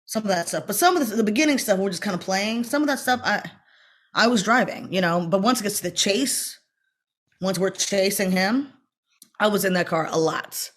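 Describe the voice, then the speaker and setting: A middle-aged actress telling stories in an interview, laughing often and acting out quotes loudly. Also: female voice, mid-range voice, animated, normal speed. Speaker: actress guest. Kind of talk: animated interview storytelling.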